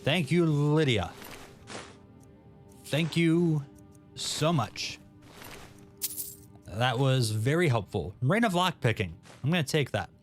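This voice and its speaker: A man's voice: a little high, big pitch swings, slow pace, long pauses, faint music behind. Chatty man giving casual game commentary. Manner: chatty, self-mocking, laughs at his own misreads. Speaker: gaming channel host.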